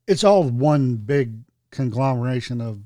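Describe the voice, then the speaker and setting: A man from North Carolina co-hosting a podcast, talking in a relaxed, unhurried way. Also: mid-range voice, no room sound. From North Carolina, USA. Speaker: podcast co-host. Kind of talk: casual chat.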